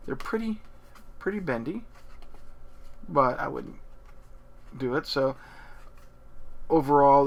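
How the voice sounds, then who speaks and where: A man hosting an unboxing video, thinking aloud in a hesitant, casual way with many pauses and ums. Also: fairly high pitch, gravelly, a little hiss or hum.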